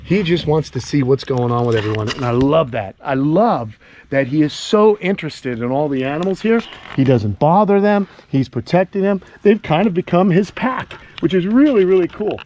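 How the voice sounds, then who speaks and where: A man's voice: on the high side, animated, moderate pace, darkish tone, a little hiss or hum. An enthusiastic man chatting casually in an outdoor vlog while walking around his animal camp. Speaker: animal keeper and vlogger.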